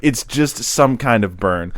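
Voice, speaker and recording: A man co-hosting a comedy podcast, retelling movie scenes in a lively, animated way. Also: mid-range voice, a little slow, a little hiss or hum. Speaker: podcast co-host. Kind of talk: casual comedy podcast chat.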